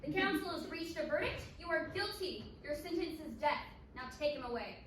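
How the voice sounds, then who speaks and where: A woman playing a council member who reads out charges and a verdict in a formal, deadpan way. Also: high voice, fairly quick, noisy background. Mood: stern. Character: stern female council member judging a trial. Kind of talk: student stage reading. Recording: echoey room from a distant mic.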